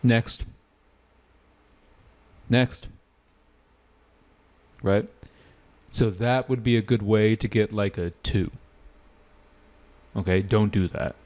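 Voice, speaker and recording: Emphatic lower-voiced male teacher. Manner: energetic, repeats points for emphasis, asks students questions. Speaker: English test-prep teacher. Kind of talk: live online lesson.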